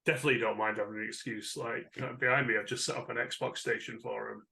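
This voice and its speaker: A middle-aged man hosts a casual podcast chat, friendly and quick to laugh. His voice is gravelly with vocal fry at a middling pitch. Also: little pitch movement, pushed and bright. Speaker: podcast host.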